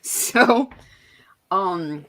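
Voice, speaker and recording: A woman's voice: medium pitch, expressive, extremely slow, fairly bright tone. A woman hosting a casual livestream chat, laughing often and swearing freely. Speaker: streamer host.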